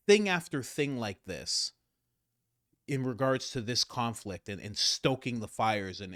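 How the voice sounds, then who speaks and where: Animated man, dry close voice. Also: on the low side, no room sound. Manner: rambling, animated, many fillers. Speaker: host and political commentator. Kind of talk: casual political commentary.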